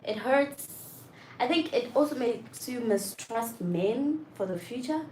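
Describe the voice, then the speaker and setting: Young woman, kinda high voice, blunt casual chat that gets loud and heated, echoey room. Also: slow. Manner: frank and animated, rising to loud exasperation. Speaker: vlogger. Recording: roomy echo with faint background noise.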